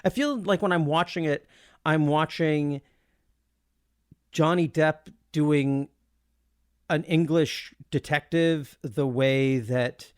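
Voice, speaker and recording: A man's voice: fairly high pitch, steady tone, slow pace, long pauses, smooth, no echo, clean studio sound. A man co-hosting a podcast, rambling enthusiastically with many restarts. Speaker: podcast co-host. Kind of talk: casual chat.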